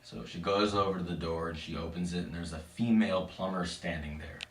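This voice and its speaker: Deep-voiced man telling a spooky tale. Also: fairly quick, slight background noise. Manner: casual, playful, with asides to listeners. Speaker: storyteller. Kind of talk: live spooky storytelling. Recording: echoey room, mic at a distance.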